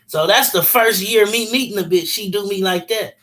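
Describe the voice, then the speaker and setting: A man's voice: high voice, normal speed, sharp tone. A man telling a personal story casually, in blunt, profane street slang.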